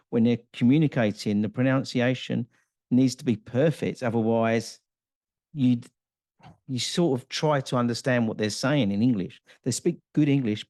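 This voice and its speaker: A man hosts a casual interview, his voice mid-pitched and conversational. He tells personal stories in a chatty, easygoing way, and the recording is dry with no room echo. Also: a little mellow. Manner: anecdotal, chatty storyteller. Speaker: podcast host.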